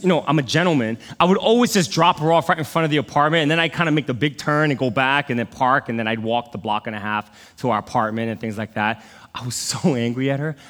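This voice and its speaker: A middle-aged man telling a personal story in a sermon, swinging from loud outbursts to hushed asides. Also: on the high side, long reverb tail. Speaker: pastor.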